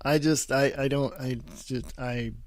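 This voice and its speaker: A man hosting a solo political podcast, reading news headlines aloud with sarcastic asides and repeating himself, often coughing and clearing his throat. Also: medium pitch, fairly even intonation, a little slow, no room sound. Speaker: podcast host.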